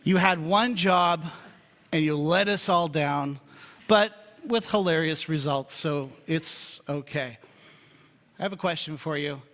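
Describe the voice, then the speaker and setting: A pastor preaching a sermon in a relaxed, joking, conversational way before turning serious. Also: male voice, on the high side. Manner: humorous, conversational storytelling. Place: church sanctuary. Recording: reverberant church hall.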